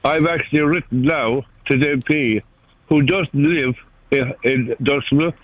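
A man in his seventies, Irish-born, calling in to a radio show, who talks haltingly, often repeating words, in an earnest tone. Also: mid-range voice, muffled recording. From Ireland. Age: 70s. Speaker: caller. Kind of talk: phone-in call.

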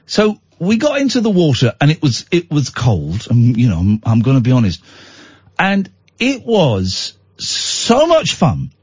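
Tired, husky radio host rambling. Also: male voice, medium pitch, huge pitch swings, unhurried, darkish tone, dry recording, highs cut off. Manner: rambling, self-mocking, with restarts and voiced impressions. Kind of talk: casual storytelling on talk radio. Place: radio studio.

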